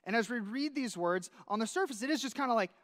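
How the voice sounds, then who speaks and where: A man preaching a sermon, telling a story with lively acted-out dialogue. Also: very high-pitched, quick pace, big-room sound. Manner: animated storytelling, acting out dialogue. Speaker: pastor. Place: church sanctuary.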